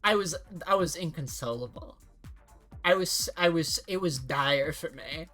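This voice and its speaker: A young adult woman streamer chatting casually, rambling and halting with many restarts and the odd swear. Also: low-pitched, a bit bright, faint music behind.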